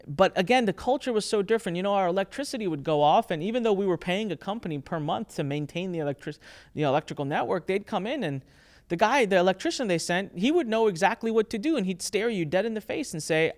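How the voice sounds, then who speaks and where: A man in his thirties telling a candid story about running a business, acting out the people he quotes. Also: fast. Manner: animated, acts out quoted people with shifting pitch.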